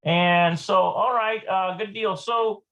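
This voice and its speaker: In a live web lesson, a Hebrew teacher muses aloud, hesitant, slowly repeating words. The pitch is medium, the intonation fairly even, and the tone a little bright.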